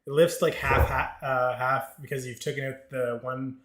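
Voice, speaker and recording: A man narrating a tabletop game as its game master, describing scenes at an unhurried pace. His voice sits at a middle pitch. The room around him echoes. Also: steady tone, a bit bright.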